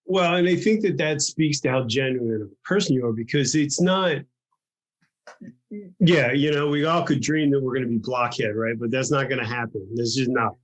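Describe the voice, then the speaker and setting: A man's voice: mid-range voice, normal speed, poor audio. A man hosting a podcast, responding to his guest in a supportive, laid-back way. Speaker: podcast host. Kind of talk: casual interview chat.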